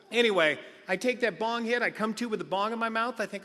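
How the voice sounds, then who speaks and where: Man, middle-aged, high voice, comedic storyteller, acts out other people's lines, long hall echo. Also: fast, hardly any pauses, bright, forceful tone. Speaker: recovery meeting speaker. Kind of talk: comedic personal storytelling talk.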